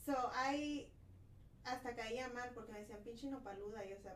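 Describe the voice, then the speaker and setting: A woman's voice: on the high side, fast, a bit bright, slight background noise. A young adult woman co-hosting a podcast, chatting casually and switching between English and Spanish mid-sentence. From United States. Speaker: podcast co-host. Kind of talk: casual bilingual chat. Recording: roomy sound from off-mic.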